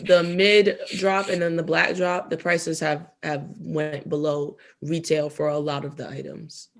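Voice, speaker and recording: A woman's voice: low-pitched, little pitch movement, measured pace. Woman co-host, casual mukbang podcast chatter, laughs often, talks through shopping and food tips. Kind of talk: casual podcast chat while eating.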